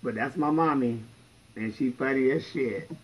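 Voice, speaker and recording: Sassy, husky-voiced man telling stories. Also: medium pitch, normal speed, rough recording. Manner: sassy, blunt, profane, story-telling. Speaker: drag performer livestreaming. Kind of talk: casual livestream storytelling.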